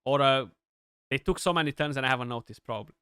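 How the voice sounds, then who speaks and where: Young man, gameplay commentary, bright forceful voice, dry close mic, excitable and chatty. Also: mid-range voice, fast talker, clean tone, no echo. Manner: chatty, excitable, many restarts and fillers. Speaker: gaming streamer.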